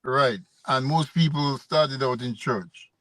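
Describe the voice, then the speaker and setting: A man's voice: mid-range voice, slow pace, no echo. A man hosting a casual interview, joking and steering the talk with short prompts. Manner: jokey, playful interrupter, steady with short backchannels. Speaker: interviewer host.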